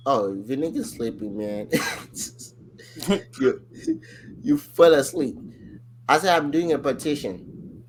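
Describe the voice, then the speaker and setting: A man co-hosting a podcast in casual chat, telling a story in an animated, rambling way full of fillers. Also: medium pitch, takes it slowly, pauses often, slight background noise. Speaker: podcast co-host.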